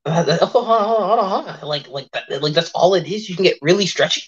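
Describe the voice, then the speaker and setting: A woman's voice: fairly low pitch, fast talker, a little hiss or hum, lightly acted. A woman doing a worn-out, exasperated male interviewer. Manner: exasperated, sighing, stammering repeats. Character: harried, weary male hero-agency interviewer. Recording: dull lo-fi audio.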